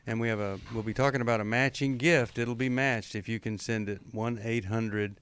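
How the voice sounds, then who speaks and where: A man's voice: medium pitch, fairly even intonation, brisk, a bit bright, clean tone. A man hosting a call-in radio talk show, friendly as he steers the conversation and reads out the number to call. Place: radio studio.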